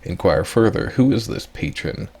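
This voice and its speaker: A man hosting a let's play, casually reading game text and thinking aloud with relaxed asides. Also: on the low side, moderate pace, gravelly, breathy edge.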